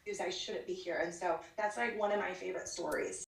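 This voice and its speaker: A woman's voice: on the low side, fairly even intonation, fast talker, vocal fry. A woman guest on a live church show, telling her life testimony in an earnest, storytelling way with fillers and restarts. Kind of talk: casual spoken testimony. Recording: roomy sound from a distance over a call.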